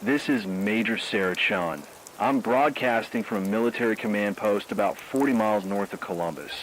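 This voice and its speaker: A man voicing a woman military major who calls in to a radio station and gives steady, official instructions in a radio drama. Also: on the low side, moderate pace, a little hiss or hum, natural voice, low-quality recording. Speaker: caller.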